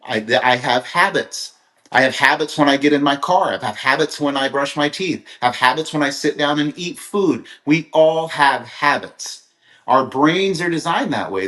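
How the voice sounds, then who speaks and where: A man's voice: a little high, fairly bright tone, reverberant. A middle-aged man from Kansas giving an earnest, rambling motivational talk on a livestream, telling stories with frequent restarts. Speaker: motivational speaker. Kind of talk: live-streamed motivational talk.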